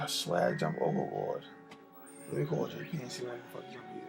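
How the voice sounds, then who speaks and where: A rowdy man with a gravelly voice films himself on a handheld phone, going room to room in an apartment to wake his roommates. He taunts them, repeats the same lines over and over, and swings from shouts down to mutters. Music plays clearly behind him. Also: medium pitch, wildly swooping pitch, fairly quick, low-quality recording. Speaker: roommate filming a wake-up prank. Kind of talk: loud profane teasing vlog. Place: apartment indoors. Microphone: handheld phone camera.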